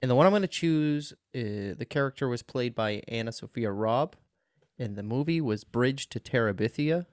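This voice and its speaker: Male co-host, casual podcast banter, mid-range voice, dry close sound, animated and swears freely. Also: medium pitch, normal speed, no echo. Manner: animated, profane, laughing often.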